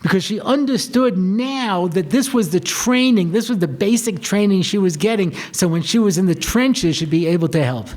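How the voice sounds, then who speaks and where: A man, a rabbi, telling a story to students in a chatty, animated way, acting out the dialogue and often saying "you know". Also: high voice, normal speed, hardly any pauses. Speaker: rabbi and lecturer.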